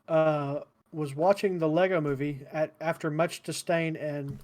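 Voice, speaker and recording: A man's voice: fairly high pitch, fairly even intonation, measured pace, darkish tone. A man co-hosting a casual podcast, dry and blunt in his remarks. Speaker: podcast co-host.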